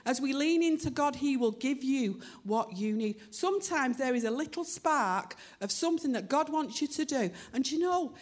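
A woman preaching a sermon in church, earnest and emotional, her voice rising with fervor as she urges the congregation. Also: high voice. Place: church hall.

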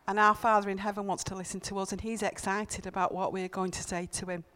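Woman preacher, smooth clear tone, chatty earnest sermon in church, leans on repetition. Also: medium pitch, flat delivery, quick pace, fairly bright tone. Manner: earnest, conversational, emphatic repetitions. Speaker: church speaker. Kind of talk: informal sermon with personal stories.

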